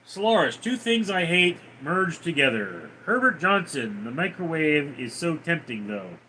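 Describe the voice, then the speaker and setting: Lively, slow-talking male streamer. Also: on the high side, slight background noise. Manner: teasing, crude banter. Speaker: livestream host. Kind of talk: casual livestream chat, reading viewer comments aloud.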